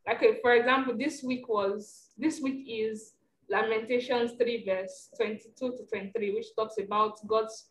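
A woman's voice: fairly high pitch, fairly even intonation, normal speed. A woman sharing her faith on a call, rambling, reflective and apologetic as she goes. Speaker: participant. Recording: roomy call with faint hum.

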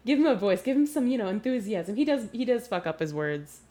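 A woman co-hosting a podcast, chatting casually about politics and sport. She talks in an animated, sweary way and laughs often. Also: on the high side, fairly quick. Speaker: podcast co-host. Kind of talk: casual chat.

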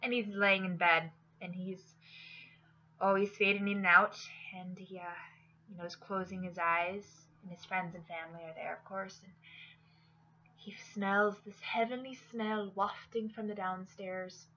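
A woman hosting a podcast, telling jokes in an animated, chatty way. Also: mid-range voice, unhurried, highs cut off. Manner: animated, jokey storyteller with fillers. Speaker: podcast host. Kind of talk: casual joke-telling chat.

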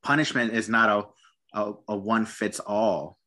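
A man's voice: fairly low pitch, a little slow, bright, forceful tone. A man talking about dog training in a casual conversation, hesitant, with many restarts and repeated words.

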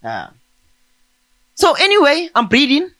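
A man's voice: very high-pitched, huge pitch swings, a little slow, bright, forceful tone, no room sound. Laid-back man telling a story. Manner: laid-back, laughs often. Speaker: podcast host. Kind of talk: casual chat, telling a story.

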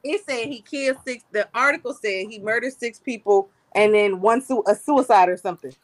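A woman's voice: a little high, a little fast. A woman co-hosting a podcast, bantering in a playful, defiant way. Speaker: podcast co-host. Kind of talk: casual chat.

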